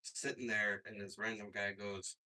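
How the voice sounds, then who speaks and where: A man performing a stand-up comedy set on a club stage, with a profane, halting delivery full of fillers. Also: fairly low pitch, level tone, pushed and bright. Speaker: stand-up comic. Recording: stage mic heard from afar.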